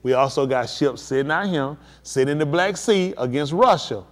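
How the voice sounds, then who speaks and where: A man preaching on a livestream, emphatic and addressing his listeners directly, building to excited peaks. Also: fairly high pitch, normal speed. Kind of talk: livestream preaching on world events.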